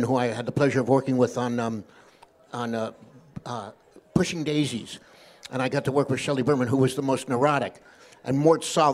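A man, guest actor on a live show, telling jokes and anecdotes in an animated way. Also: mid-range voice. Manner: animated storyteller who slips into voices.

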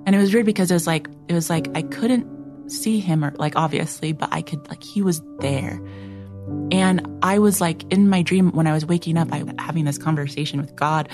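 A young woman earnestly sharing a personal faith testimony, reflective and full of filler words, sometimes dropping to a soft hush. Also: deep voice, fairly quick, music in the background.

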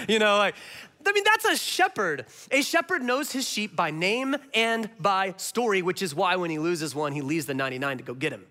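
Pastor guy preaching, high bright voice, lively, drops to hushed bits then punches up. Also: moderate pace. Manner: animated, swings between loud and hushed. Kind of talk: sermon.

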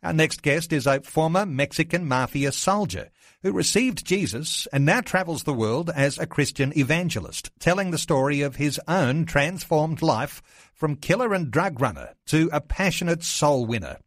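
Male host, formal and measured, dry close sound. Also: fairly high pitch, lively intonation, dry recording. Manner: measured, formal introductions and questions. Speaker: TV show host. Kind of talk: interview.

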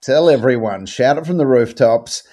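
A man's voice: mid-range voice, animated, normal speed, dark tone. A laid-back Australian man hosts a casual podcast chat. He jokes easily and wraps things up in an upbeat way. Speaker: host.

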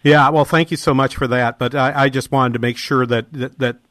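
A male radio host asks his questions hesitantly, with a lot of ums and uhs. His voice sits at an ordinary pitch. It is recorded close and dry, with no room sound. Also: fairly even intonation, a little fast, fairly bright tone, no room sound. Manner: hesitant, many fillers. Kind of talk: radio interview.

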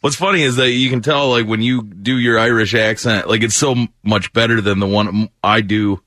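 Bright-voiced man from Ohio. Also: lowish voice, fairly even intonation, dry recording, clean studio sound. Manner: quick, laughing, filler-heavy talker. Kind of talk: casual chat.

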